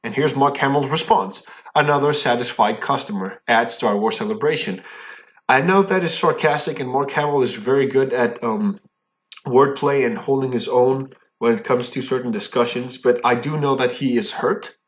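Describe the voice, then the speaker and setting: A man's voice: mid-range voice, steady tone, normal speed. Indignant man ranting on a dull recording. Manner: heated and indignant, keeps tagging "okay?"; repeats and restarts when worked up. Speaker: fan commentary vlogger. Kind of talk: angry ranting monologue.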